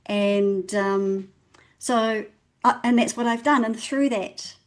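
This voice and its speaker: A woman's voice: mid-range voice, slow pace. A middle-aged woman, a podcast guest, bubbly and self-deprecating. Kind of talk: casual podcast interview.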